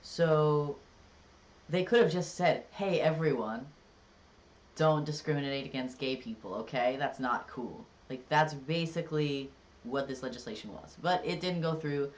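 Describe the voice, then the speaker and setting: A livestreamer with a medium-pitched voice chats casually and unhurriedly with viewers. The talk rambles and jokes along, stuffed with "like"s and "um"s.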